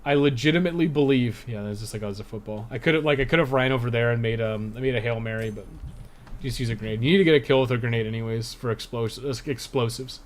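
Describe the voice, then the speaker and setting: A man's voice: medium pitch, quick pace, slight background noise. A young man giving casual live-stream commentary over his speedrun at home, thinking aloud with lots of fillers. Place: home room.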